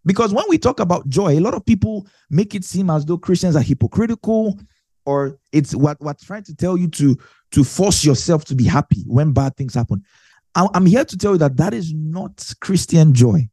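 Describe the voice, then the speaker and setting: Male Bible teacher, mellow tone, dry sound, talks it through with everyday examples. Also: fairly high pitch, lively intonation, moderate pace, slightly rough, no room sound. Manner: explains with everyday examples, repeats phrases for emphasis.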